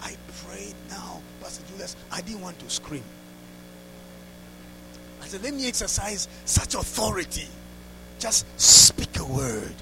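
A man preaching a sermon through a story, dropping to hushed asides and rising to loud exclamations. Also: sits high, big pitch swings, a little slow, gravelly, pauses often, over loud music, rough recording. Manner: laughs between lines.

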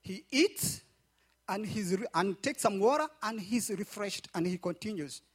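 A man's voice: sits high, lively intonation, unhurried, slightly rough. A man preaching a sermon, telling a story and repeating phrases back to the congregation. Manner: repetitive call-and-response preaching.

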